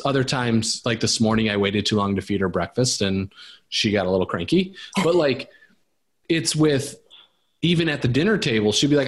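A man with a slightly high voice co-hosts a casual podcast conversation. He talks in a rambling way and acts out quotes from home. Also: a little fast. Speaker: podcast co-host.

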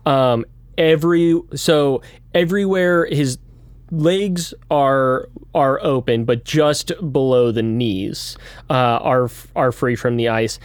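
Slow, halting game master. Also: medium pitch, clean tone, no room sound. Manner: halting, with many fillers and restarts. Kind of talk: narrating a tabletop game.

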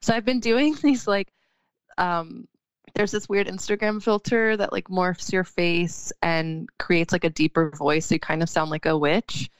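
A woman's voice: fairly low pitch, fairly even intonation, smooth, no echo. A young adult woman chatting casually as a podcast guest, filling her talk with "like" and laughing easily. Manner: chatty, heavy use of "like", quick to laugh. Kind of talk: casual chat.

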